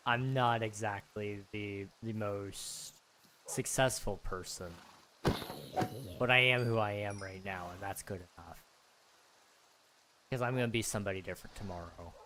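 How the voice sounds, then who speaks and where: A hoarse man losing his voice, rambling and self-mocking while chatting casually on a livestream. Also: on the low side, steady tone, measured pace, pauses often, pushed and bright, slight background noise. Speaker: game streamer. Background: music.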